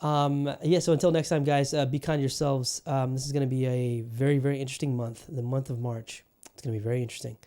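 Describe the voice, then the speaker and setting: A man's voice: mid-range voice, flat delivery, quick pace, few pauses, dark tone. A man hosting his own podcast in a put-on Southern US accent, talking in a rambling, profane, fired-up way. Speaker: podcast host. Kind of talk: casual solo podcast monologue.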